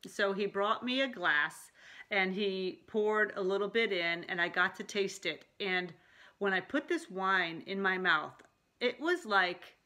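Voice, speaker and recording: A middle-aged woman life coach talking casually to camera in a chatty, animated way, often laughing. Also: mid-range voice, measured pace. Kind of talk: casual talking-head vlog.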